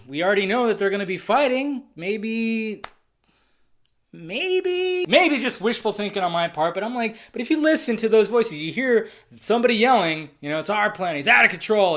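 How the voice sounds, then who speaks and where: Male trailer reviewer, casual and excitable, swears a lot, thinks out loud. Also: high voice. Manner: excitable, profane, rambling speculation. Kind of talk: casual video commentary.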